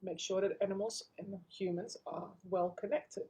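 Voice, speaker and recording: Snake spirit, male, determined and friendly, voiced by a woman; mellow tone, middle pitch. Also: steady tone, normal speed, close to an everyday voice, poor audio. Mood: urging. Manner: insistent, friendly urging.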